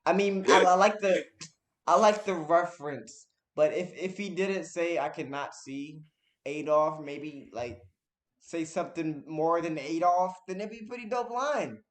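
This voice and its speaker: A man's voice: high-pitched, a little slow. A man co-hosting a podcast, giving blunt, short takes in casual music review chat. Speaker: podcast co-host.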